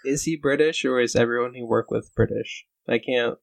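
A man's voice: mid-range voice, steady tone, normal speed, gravelly. A young man co-hosting a podcast, easygoing, asking questions and playing along in casual banter. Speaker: podcast co-host.

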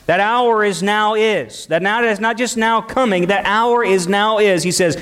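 A man preaching a sermon, building repeated phrases with emphasis and dropping at times to soft, intimate tones. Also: fairly high pitch. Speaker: pastor.

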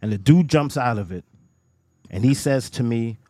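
A man telling a story in a casual podcast chat, animated and profane, laughing often. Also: medium pitch, moderate pace, no echo, studio quality. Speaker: guest storyteller.

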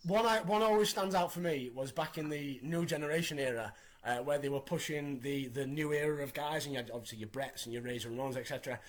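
A man in his thirties hosting a casual podcast, recapping in an animated, opinionated way. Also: on the high side, quick pace. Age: 30s. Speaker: podcast host.

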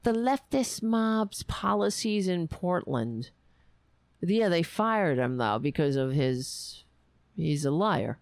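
A sarcastic commentator delivers a solo political rant in a smooth, clear voice. The pace is unhurried, and the speech is full of halting restarts. The sound is dry and close, with no room echo. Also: medium pitch, very animated.

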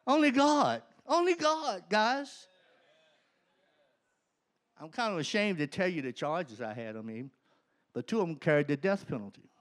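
A man telling his personal testimony to an audience, animated and often laughing mid-sentence as the story builds. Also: a little high, fairly quick. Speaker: speaker giving a personal testimony.

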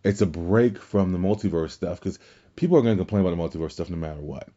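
A man with a deep, dark voice hosts a solo podcast, rambling casually through his thoughts. He restarts his sentences often and leans on filler words. The recording sounds dull and lo-fi. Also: lively intonation, fast talker. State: tired, fighting yawns. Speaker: podcast host.

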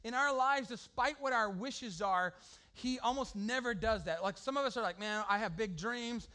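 A man preaching a sermon to a congregation, animated and joking with the crowd. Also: extremely high pitch, moderate pace. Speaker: pastor.

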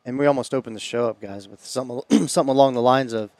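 A man's voice: mid-range voice, darkish tone, no echo. Man co-hosting with short agreeing replies. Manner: brief agreeing replies, halting restarts. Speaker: podcast co-host. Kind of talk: casual chat.

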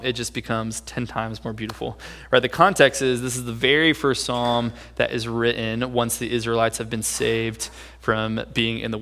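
A male preacher with a gravelly, fry-edged voice talks through a sermon in a relaxed, conversational way. He keeps checking in with his listeners by asking "right?". His voice rings out with a long reverb from a church hall. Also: mid-range voice.

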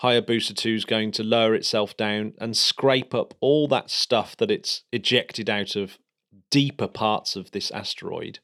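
A man co-hosting a podcast, chatting excitedly about space news with plenty of fillers and restarts. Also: on the low side, unhurried. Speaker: podcast co-host. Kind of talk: casual space news chat.

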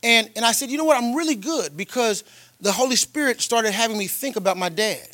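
A man preaching a sermon as a pastor, telling personal stories in a colloquial way, with delivery that swings from loud and emphatic to quiet and tender. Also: extremely high pitch, fairly quick, no room sound. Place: church.

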